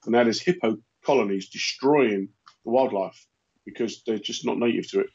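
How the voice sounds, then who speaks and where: A man chatting casually, riffing on absurd comic rants with a deadpan delivery. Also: lowish voice, normal speed, husky. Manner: deadpan rambling jokes, repeats lines. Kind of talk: casual comedic chat. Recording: dull lo-fi sound.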